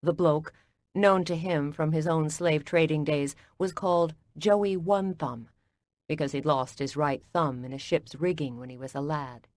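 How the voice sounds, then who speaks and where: A woman narrating an audiobook in a measured, even storytelling delivery. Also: deep voice, dry recording.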